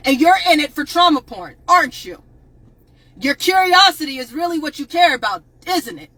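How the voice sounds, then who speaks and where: Woman, high bright voice, angry profane livestream rant, dry close sound. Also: sing-song, normal speed, no echo, poor audio. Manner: angry, profane, repeatedly shouting at viewers. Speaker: advocate on a livestream.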